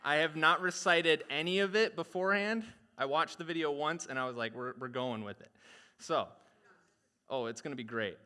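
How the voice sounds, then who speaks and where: A man's voice: on the high side, normal speed, bright, forceful tone, clear, resonant tone. A man, a pastor, chatting playfully on a live stream.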